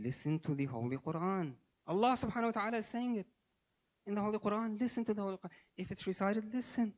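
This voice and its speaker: A man giving a sermon, telling stories and moving between quiet low asides and raised emphatic lines, with Arabic religious phrases mixed in. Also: lively intonation, fairly quick. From Australia. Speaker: speaker at a religious gathering.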